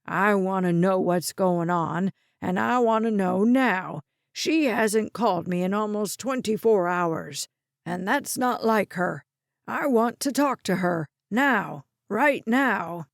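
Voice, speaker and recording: A woman voicing an elderly grandfather in the hospital, blunt, demanding and forceful, in a slow audiobook reading. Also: medium pitch, gravelly, no room sound, clean studio sound. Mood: angry. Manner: forceful, bossy, impatient.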